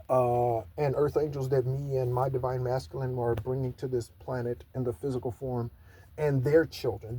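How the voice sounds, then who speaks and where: A man giving casual spiritual guidance, rambling in asides and slowly repeating mantras three times over. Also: medium pitch, dark tone. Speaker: spiritual channeler.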